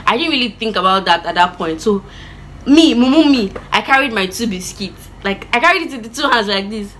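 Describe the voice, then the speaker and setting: A woman telling a childhood story in a chatty, animated vlog style with lots of asides. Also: medium pitch, fast talker, a little hiss or hum, rough recording. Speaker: vlogger.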